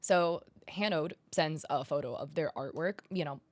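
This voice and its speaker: A woman giving casual online commentary, animated and sarcastic, reading messages aloud with exasperation. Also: deep voice, normal speed, no echo. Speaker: commentary YouTuber.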